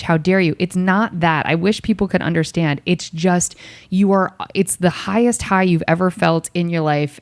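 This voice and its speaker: A woman hosting a podcast in casual chat, laughing often and asking quick questions. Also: on the low side, no room sound. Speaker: podcast host.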